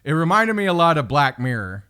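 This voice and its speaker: Casual higher-voiced male podcast host. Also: big pitch swings, brisk, bright, forceful tone, smooth. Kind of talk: casual chat.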